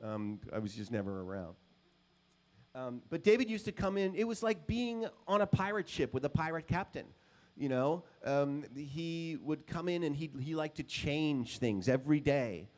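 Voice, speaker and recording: A man's voice: a little high, big pitch swings, normal speed, a little mellow. Casual, rambling male guitarist telling stories. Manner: casual and rambling, with many "um" and "you know". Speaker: guitar clinician. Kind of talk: storytelling talk to a live audience. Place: music store clinic.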